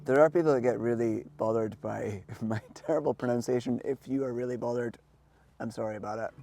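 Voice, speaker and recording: A man with a Scottish accent, a minister leading a vespers prayer service in a gentle, self-deprecating way that laughs easily. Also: mid-range voice, brisk, vocal fry. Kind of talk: leading sung prayer and worship. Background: guitar music.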